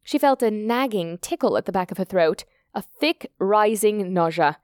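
A woman's voice: medium pitch, animated, darkish tone, clean tone, no echo. Dry-voiced woman narrating a story. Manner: measured, descriptive storytelling. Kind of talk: audiobook narration.

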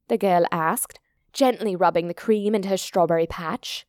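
A woman's voice: on the low side, darkish tone, no room sound. Dry-voiced woman narrating a story. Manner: measured, descriptive storytelling. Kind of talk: audiobook narration.

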